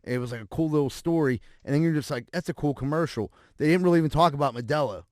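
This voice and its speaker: A man co-hosting a casual podcast, chatting and asking quick follow-up questions. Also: on the high side, a little mellow, no room sound, studio quality. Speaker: podcast co-host. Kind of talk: casual chat.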